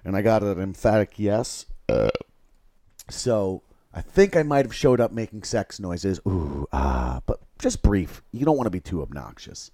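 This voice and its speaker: A man with a lowish voice rambles through a crude anecdote on a livestream, starting and stopping, looping back and cursing freely. The sound is dry and close, with no room around it. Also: sing-song, mellow, no room sound. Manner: rambling and halting, crude profanity. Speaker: livestream host. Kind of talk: casual rambling storytelling.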